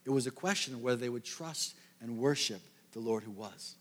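Animated male pastor in an echoing hall. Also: mid-range voice, fairly quick. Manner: animated storytelling, jokey asides. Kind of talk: sermon.

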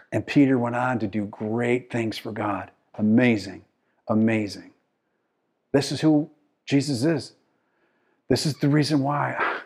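A male pastor preaching a sermon with passion. His delivery swings from quiet to loud, and he calls out to the congregation. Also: medium pitch, slightly rough. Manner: impassioned, swinging from soft to loud.

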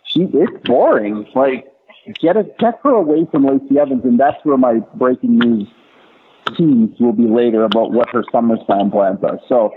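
A man's voice: medium pitch, expressive, moderate pace. Opinionated man on a tinny line. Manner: opinionated, emphatic. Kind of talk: casual wrestling podcast chat. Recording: tinny phone-like line with faint hiss.

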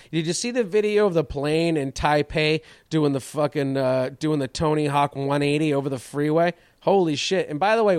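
A man's voice: a little high, dry recording, studio quality. A man hosting his podcast, telling a profane, self-mocking story about a stand-up gig. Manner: animated, swearing, self-mocking. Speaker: comedian podcast host.

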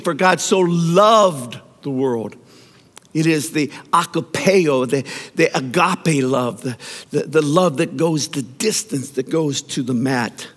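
Male pastor, high and very animated, mid-sermon storyteller; long hall reverb. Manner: animated storytelling preacher with repeated words.

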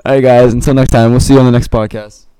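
A young man hosting a student podcast, asking questions with hesitant pauses as he searches for words. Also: medium pitch, level tone, mellow, clean tone, no room sound. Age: young adult.

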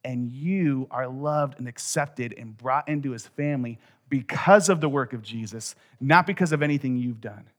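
A man's voice: medium pitch, normal speed, hardly any pauses. Conversational male pastor preaching. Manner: conversational, swings from quiet to loud emphasis. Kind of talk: sermon.

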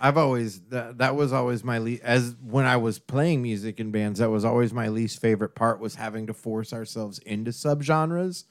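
A man's voice: mid-range voice, moderate pace, hardly any pauses, no room sound. Blunt, wry man, dry sound. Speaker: podcast co-host. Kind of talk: casual chat.

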